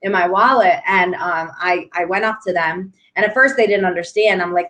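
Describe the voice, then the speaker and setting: A woman's voice: mid-range voice, normal speed, hardly any pauses, a bit bright. Earnest, chatty woman guest. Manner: chatty and earnest, many filler tags like "right?" and "you know". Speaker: interview guest, entrepreneur. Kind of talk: casual interview chat.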